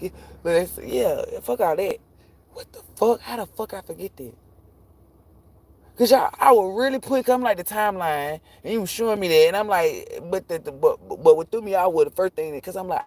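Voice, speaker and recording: A man reading tarot on a live stream, ranting casually and profanely, rambling and cutting himself off, jumping between loud bursts and low muttering. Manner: profane, rambling, self-interrupting; animated, jumps between shouting and muttering.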